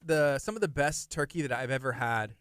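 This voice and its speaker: A man hosting a casual radio chat, easygoing and quick to laugh, reading out listener comments. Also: mid-range voice, fairly bright tone, smooth, dry recording, clean studio sound. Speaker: radio host.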